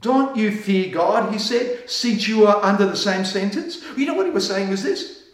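Guy preaching a sermon, fairly high voice, heard from a way off in a big echoey church, drags out the big lines. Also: animated, far from the mic. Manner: preaching with dramatic pauses, slowing right down on key lines; acts out the voices of people in scripture. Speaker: pastor.

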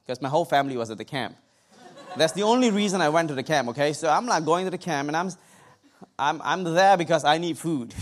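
A man preaching a sermon, telling a personal story with humor and asides to his congregation. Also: mid-range voice. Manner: humorous, animated testimony with asides to the audience.

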